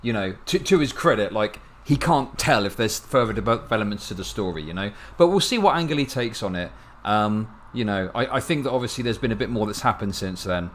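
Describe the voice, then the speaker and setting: A man's voice: on the low side, expressive, fairly quick, hardly any pauses. A man live-streaming a reaction video, chatting casually to his viewers, rambling and restarting his sentences. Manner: rambling, restarts often, laughs a lot.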